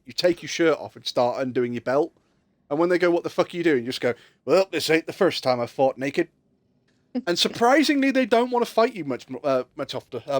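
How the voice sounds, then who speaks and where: A man chatting over a game stream, full of jokes and quick laughter. His voice is a touch higher than most men's and swings widely in pitch. The sound is close and dry, with no room around it. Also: no echo. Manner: joking, laughs a lot, tells dad jokes. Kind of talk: casual gaming chat with friends.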